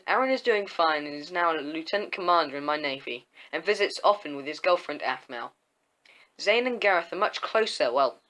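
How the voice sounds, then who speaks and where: A young man reading his own homemade diary story aloud, halting often and restarting words. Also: on the high side, sharp tone, rough recording. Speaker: story reader and channel host.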